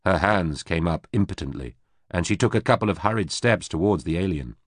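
A man narrating a science fiction audiobook in a steady, measured reading. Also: low-pitched, dry recording, clean studio sound. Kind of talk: scripted narration.

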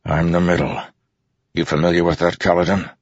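A man's voice: sits low, level tone, fairly quick, no room sound. A man voicing a commanding older warlord who bellows orders, in an audiobook reading. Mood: calm command. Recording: dull lo-fi audiobook recording.

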